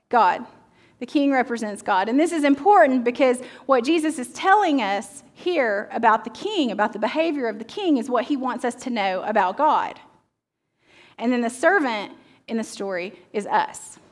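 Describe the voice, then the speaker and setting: Woman pastor, sermon delivery, higher voice, dramatic scripture reading. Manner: dramatic reading, asks the audience questions. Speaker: teaching pastor.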